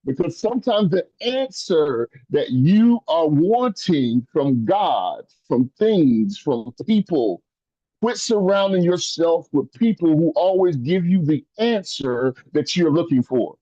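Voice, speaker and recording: A man delivers an impassioned motivational speech to an online audience, and his manner is close to a preacher's. He speaks to the listeners directly and builds toward intense climaxes. His voice sits fairly high but sounds mellow, and it comes through dry, slightly dull video-call audio. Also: very animated, takes it slowly, dry recording.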